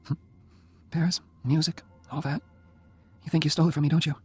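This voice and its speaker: Guy voicing a frail dying young woman, high and husky, soft and teasing. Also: flat delivery, fairly quick. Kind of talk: audiobook character voice.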